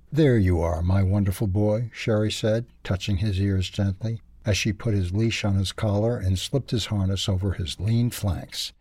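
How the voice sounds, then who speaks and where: Husky, low-voiced male reader. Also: a little mellow, no echo. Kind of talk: reading a book review and a children's story.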